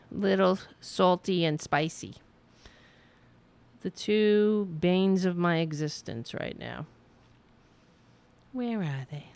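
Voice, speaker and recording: A woman's voice: mid-range voice, creaky, a little mellow. Angry, profane woman ranting politics. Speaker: political talk show host. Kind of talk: live-streamed political commentary.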